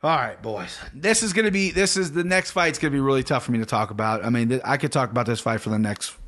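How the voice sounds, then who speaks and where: A man's voice: mid-range voice, expressive, fast talker, a bit bright. A man hosting a casual solo podcast, rambling through fight predictions off the cuff, swearing now and then and correcting himself often. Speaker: podcast host picking fights.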